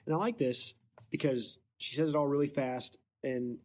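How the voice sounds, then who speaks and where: A man hosting a casual book podcast, retelling the plot playfully with quick joking asides. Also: mid-range voice, fairly even intonation, a little mellow. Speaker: podcast host.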